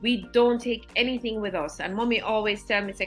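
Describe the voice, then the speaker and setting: A woman's voice: mid-range voice, steady tone, a little fast, hardly any pauses, faint music behind, low-quality recording. A woman guest educator telling personal stories in an earnest, heartfelt, faith-filled way, emotional and near tears.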